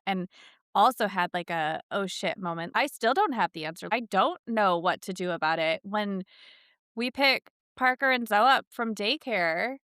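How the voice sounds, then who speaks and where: A woman's voice: on the low side, fairly bright tone, clean tone, no room sound, studio quality. A woman co-hosting a podcast, chatting casually and telling a parenting story in an earnest, candid way. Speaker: podcast co-host.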